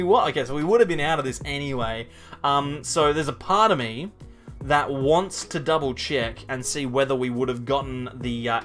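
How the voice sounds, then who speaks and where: A man talks through his card game match as he plays, chatty and self-mocking, often addressing his opponent directly. His voice sits at an ordinary middle pitch, with soft music playing quietly underneath. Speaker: channel host. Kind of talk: live gameplay commentary.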